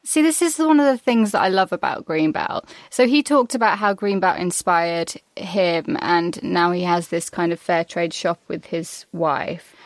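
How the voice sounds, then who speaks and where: A woman's voice: on the low side, measured pace, few pauses, no room sound. A woman from the Black Country with a faint local accent, co-hosting a podcast, enthusiastic and reflective. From Black Country, England. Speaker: podcast co-host. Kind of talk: casual podcast chat.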